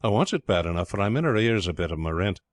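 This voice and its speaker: A man's voice: low voice, lively intonation, fast, no room sound. A man voicing a cheerful, hardworking fisherman who talks in rustic dialect grammar in a storybook reading. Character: hardworking old fisherman, cheerful, rough-spoken.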